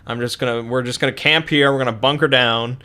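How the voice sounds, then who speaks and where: A man's voice: mid-range voice, fairly even intonation, quick pace, bright, forceful tone. A young man recounting a tabletop game session in a rambling way, with many fillers and restarts.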